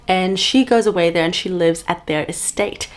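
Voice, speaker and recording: A woman's voice: on the low side, normal speed. A young woman in her twenties chatting casually about a book she is reading, upbeat and full of fillers, recorded on a camera-mounted mic at home. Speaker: book vlogger. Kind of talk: casual reading vlog chat. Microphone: camera-mounted shotgun mic.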